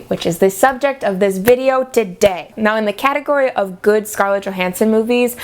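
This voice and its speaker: Young woman, vlogger, casual rant, sarcastic, dramatic, pitch often leaping up, middle-pitched voice. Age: young adult. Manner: animated, with sudden jumps in pitch.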